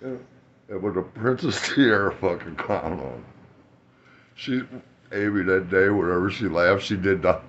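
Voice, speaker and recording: A man's voice: sits low, animated, measured pace, long pauses, a little hiss or hum. A middle-aged man telling rambling, profane stories about his family in a casual vlog, laughing at his own jokes. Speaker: vlogger telling life stories. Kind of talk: casual storytelling. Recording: dull lo-fi sound with faint ambience.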